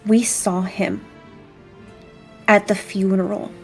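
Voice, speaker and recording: A woman chats as a player in a tabletop role-playing game, voice at a middling pitch. She plots and talks things through casually. Faint music sits behind her. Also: little pitch movement, slow pace.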